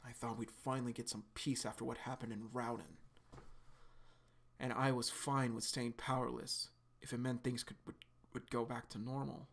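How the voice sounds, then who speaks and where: A man voicing a frantic, defiant young man who shouts in desperation. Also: medium pitch, level tone, normal speed, vocal fry. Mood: grim.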